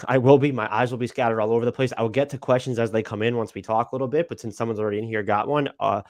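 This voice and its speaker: A man's voice: medium pitch, fairly even intonation, rapid-fire, no echo. A man hosting a live basketball talk stream, casual and rambling, swearing and stammering with lots of fillers. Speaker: NBA podcast host.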